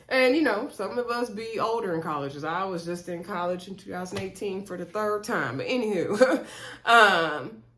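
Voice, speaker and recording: A woman's voice: medium pitch, fairly bright tone. A woman in her thirties casually recapping a reality show, gossipy, with laughing asides and lots of fillers. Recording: echoey room.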